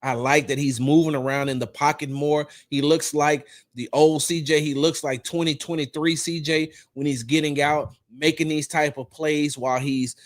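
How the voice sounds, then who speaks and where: A man hosting a casual sports talk stream, riffing on games in an animated way and repeating his points for emphasis. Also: on the high side, normal speed, few pauses. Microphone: streaming setup, close mic.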